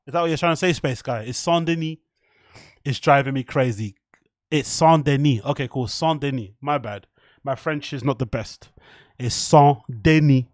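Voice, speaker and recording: A man's voice: a little high, dry recording, studio quality. A young man, hosting a casual live stream, reacting to chat and a fight, swearing and laughing often. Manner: excitable, swears a lot, laughs often, mock French bits.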